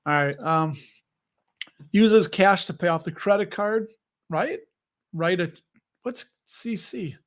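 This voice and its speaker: A man with a high, light voice hosts a casual livestream. He rambles and jokes freely with his viewers. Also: slow, pauses often, a bit bright. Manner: chatty, jokey, rambling. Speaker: host.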